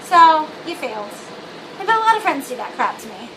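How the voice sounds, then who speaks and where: Young woman, high voice, bubbly, blunt, rambling vlog talk, noisy recording. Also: big pitch swings, a little fast. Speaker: vlogger. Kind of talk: casual vlog monologue.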